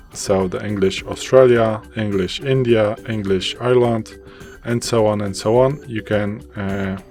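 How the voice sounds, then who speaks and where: A man from Poland with a Polish accent, a native Polish speaker, calmly walking through phone settings in a casual tutorial with loose, hesitant phrasing. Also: on the low side. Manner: plain, loosely worded explaining with hesitations. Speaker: tech tutorial presenter. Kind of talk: casual screen walkthrough.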